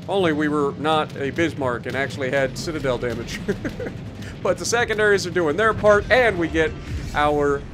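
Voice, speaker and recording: Music plays under a slightly high, slightly fast male voice. The gaming YouTuber sounds tired and yawns, casually walking through his moves and poking fun at the mistakes he makes.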